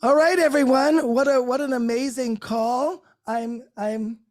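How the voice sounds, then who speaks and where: Woman host, soft mellow tone, slightly high, effusive and laughing, chatting live from her home. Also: steady tone, a little slow. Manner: chatty and effusive, laughs often, restarts words. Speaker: host of a group call. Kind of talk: casual unscripted chat to a live group. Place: her own home, great room by a Christmas tree.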